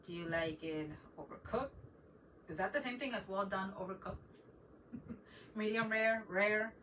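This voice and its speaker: A woman's voice: medium pitch, expressive, measured pace, a bit bright. A middle-aged woman hosting a casual DIY craft livestream, chatting with viewers and laughing often as she works. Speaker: DIY craft channel host. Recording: voice a bit far from the mic, faint background noise.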